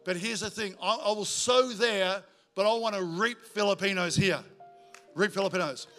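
A male pastor, preaching a sermon in a church in a joking, energetic way. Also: sits high, moderate pace, faint music behind. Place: church auditorium.

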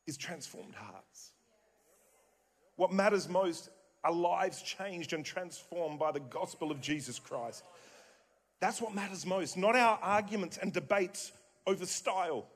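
Aussie pastor guy preaching, high voice, keeps repeating his point, cracks jokes, big echoey church hall. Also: slightly rough. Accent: Australian. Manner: emphatic, repeats key phrases, jokey asides. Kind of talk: sermon. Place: church auditorium. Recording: long hall reverb in a church.

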